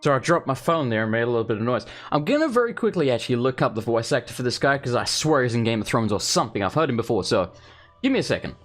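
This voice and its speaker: A man's voice: mid-range voice, very animated, quick pace, soft background music. A young man doing casual gameplay commentary, rambling and exasperated as he talks to himself. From England. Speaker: let's play host.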